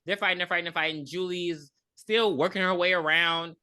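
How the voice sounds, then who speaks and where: Woman, podcast co-host, casual movie review chat, blunt, profane, lower pitch, bright tone. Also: steady tone, brisk. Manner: blunt and profane, laughing often.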